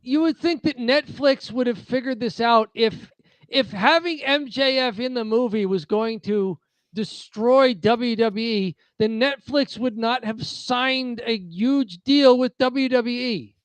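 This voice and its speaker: American guy cohosting a podcast, really high voice, smooth, lots of uh's. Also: measured pace, dry recording. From United States. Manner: rambling, filler-heavy segment reading. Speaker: podcast co-host. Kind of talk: casual chat.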